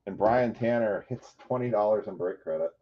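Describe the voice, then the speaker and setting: A man hosting a live card break, chatty and excitable, calling out player names and shouting over big pulls. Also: fairly low pitch, normal speed, highs cut off, a little hiss or hum.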